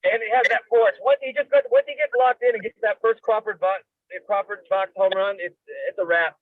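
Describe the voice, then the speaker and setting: A man's voice: high-pitched, expressive, brisk, no room sound. A man co-hosting a podcast in loose, joking casual sports chat, cursing casually. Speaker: podcast co-host. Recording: tinny phone-like sound.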